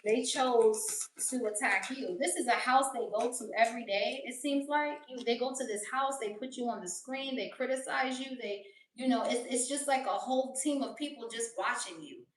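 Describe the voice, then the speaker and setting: A woman's voice: a little high, moderate pace, slight background noise. A woman giving a casual tarot reading, blunt and profane, often laughing as she talks. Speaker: tarot reader. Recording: roomy echo, voice distant from mic.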